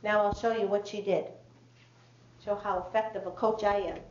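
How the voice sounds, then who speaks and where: A woman speaker telling a story to a live audience, acting out the dialogue in an animated way. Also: mid-range voice, normal speed, a little hiss or hum. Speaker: speaker on child behavior. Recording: roomy, slightly dull hall recording.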